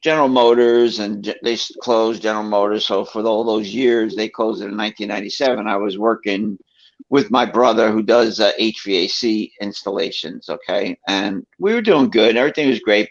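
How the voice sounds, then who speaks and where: Gravelly middle-aged New man, rambling. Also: fairly low pitch, moderate pace. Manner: rambling, many fillers and restarts, acts out quotes. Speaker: commentator telling his story. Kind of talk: casual personal storytelling. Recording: dull lo-fi recording.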